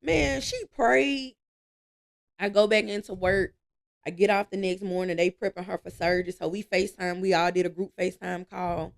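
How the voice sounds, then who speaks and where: A woman, telling stories with lively energy and easy laughs as a guest in a casual interview. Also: mid-range voice, normal speed, creaky. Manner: lively storytelling, laughs easily.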